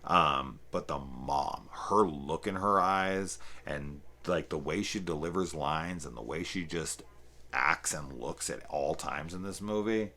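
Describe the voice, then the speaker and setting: A deep, low-pitched man talks through a movie review off the cuff. He rambles, swears freely and gets fired up when he recommends films. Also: measured pace, pushed and bright. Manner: profane, rambling, enthusiastic. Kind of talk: casual unscripted review talk.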